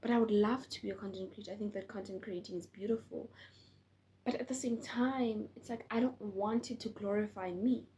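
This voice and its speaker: A woman's voice: medium pitch, a little fast, warm tone, slight background noise. A tired young woman talking casually to camera as a faith vlogger, earnest and encouraging, with frequent restarts. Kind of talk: casual direct-to-camera talk.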